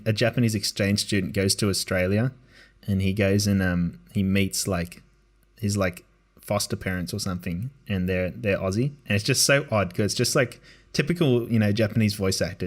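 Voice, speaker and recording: A man's voice: on the low side, fairly even intonation, a little fast. A man hosting a podcast in casual chat, chatty and laughing often. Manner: chatty, laughs often, does playful voices. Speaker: podcast host.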